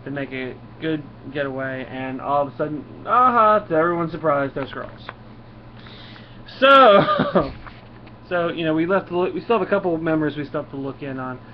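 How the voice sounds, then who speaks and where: A man's voice: fairly high pitch, fast talker. Man, comic reviewer, loose and rambling, reads lines aloud; dull camera audio, faint hiss. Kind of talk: casual comic review vlog. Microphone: camera mic.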